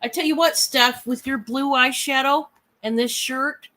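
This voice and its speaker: Brief: woman with a cold, hoarse and froggy, gushy live-sale host, bright forward tone, voice a touch high. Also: fairly even intonation, unhurried. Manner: chatty, laughing, gushing over items. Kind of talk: casual live selling chat.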